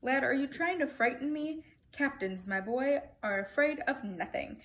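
A woman's voice: sits high, animated, moderate pace, a bit bright. A woman voicing a vain, boastful guard captain who talks down pompously in a storybook. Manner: pompous, dismissive.

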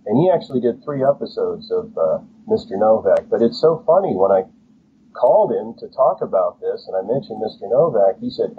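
A man's voice: medium pitch, very animated, moderate pace. A male author talks through his stories with open enthusiasm, slipping into the voices of people he quotes. His voice comes through thin and phone-like, with a faint hiss underneath. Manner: enthusiastic storyteller, acts out quotes. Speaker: author and guest. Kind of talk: casual interview chat. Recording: tinny phone-like line, faint noise.

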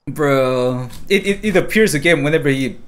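A man streaming live, commenting casually on gameplay clips, animated and profane, laughing often. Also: very high-pitched, a little hiss or hum. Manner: animated, swearing, frequent laughter. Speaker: streamer investigating cheaters.

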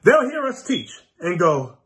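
Fiery preacher, high voice that leaps around, mocking and scolding, breaks into shouts. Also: male voice, sing-song, measured pace. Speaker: preacher and teacher. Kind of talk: sermon.

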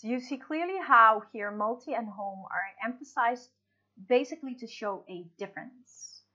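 A woman's voice: fairly high pitch, expressive, moderate pace, pushed and bright, breathy edge, highs cut off. A woman teaching English in a recorded online lesson, explaining patiently with fillers and restarts.

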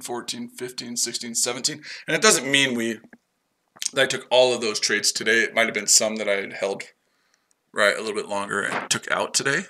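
A man runs a casual trading livestream, brash and foul-mouthed, addressing viewers by name and trash-talking his rivals. His medium-pitched voice is creaky, pushed and bright.

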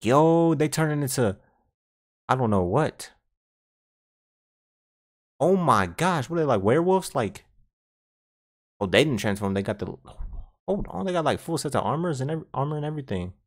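A man hosting a reaction video, talking casually and excitedly with frequent laughs and slangy asides. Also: mid-range voice, moderate pace, long pauses.

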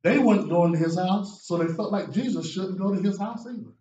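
A man preaching a sermon as a guest preacher, with lively delivery that rises to shouts and drops low for emphasis. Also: fairly quick, dull audio. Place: church sanctuary. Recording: echoey church room from far off.

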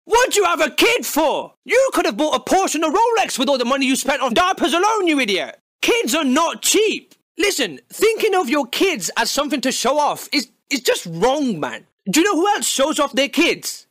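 High-voiced, ranting young man. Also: sing-song, normal speed, hardly any pauses, no room sound, clean studio sound. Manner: exasperated, mocking, loud outbursts. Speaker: comedy YouTuber. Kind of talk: comedic rant to camera.

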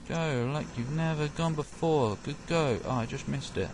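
A man's voice: fairly high pitch, moderate pace, few pauses, darkish tone. A young man doing let's play commentary, sarcastic, talking to enemies and swearing and yelping when hit. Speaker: gaming commentator. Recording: noisy game background.

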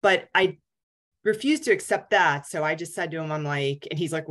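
Speaking fairly quickly in a low, somewhat bright voice, a forties-aged woman recounts her personal story as a guest speaker. She is a cancer survivor, and her delivery is candid and conversational, with many fillers.

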